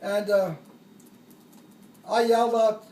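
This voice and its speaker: An older man tells an old war story, rambling and chuckling as he goes. His voice is very high, and it comes from some way off the mic in an echoey room. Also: flat delivery, slow pace, recorded from a distance. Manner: rambling, chuckling, acts out shouted quotes. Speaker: veteran telling a war story. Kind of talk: casual storytelling.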